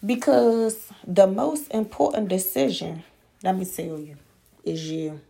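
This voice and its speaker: A woman's voice: medium pitch, very animated, a little slow, creaky, mellow, breathy edge. A woman podcast host giving a blunt, profane motivational monologue full of rhetorical questions.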